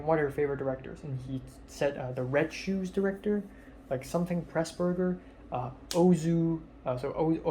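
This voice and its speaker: A man's voice: on the high side, darkish tone, slight background noise. A nineteen-year-old man, a film student, casually retelling a social outing in a rambling way, full of fillers and quoted dialogue. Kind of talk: casual vlog storytelling.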